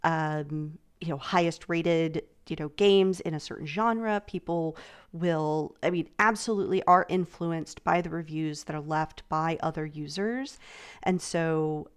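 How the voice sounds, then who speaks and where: A woman hosting a live-streamed convention panel, talking in a loose, chatty way full of fillers and restarts. Her voice is smooth and clear, and she sits a little low for a woman. She keeps circling back to finish her thought. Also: measured pace. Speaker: panel host. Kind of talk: casual panel chat.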